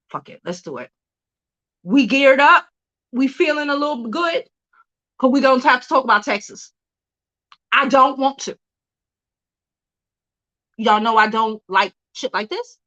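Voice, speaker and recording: A woman's voice: on the high side, a bit bright, dull audio. A woman hosting a casual celebrity news livestream, chatty, laughing often and cursing freely.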